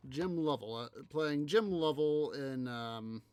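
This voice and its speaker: A man's voice: a little high, slow, a little mellow, clear, resonant tone, no echo. A man hosting a city-building game video, musing aloud in rambling casual commentary full of fillers. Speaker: let's play host.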